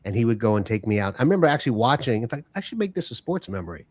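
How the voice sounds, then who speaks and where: A man hosting a podcast, chatting casually in a relaxed, conversational way. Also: mid-range voice, very fast, dry recording. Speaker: podcast host. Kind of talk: casual chat.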